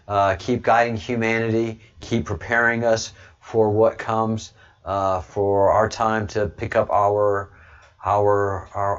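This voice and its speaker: A man's voice: on the low side, highs cut off. A man hosting a livestream, talking casually to viewers in a rambling way with frequent restarts. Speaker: livestream host.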